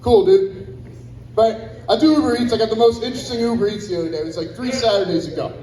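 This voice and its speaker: A young stand-up comedian with a high-pitched, dark-toned voice works a comedy club stage on a handheld mic, talking quickly amid roomy club echo. His set is crude, rambling and profane, with asides to the crowd.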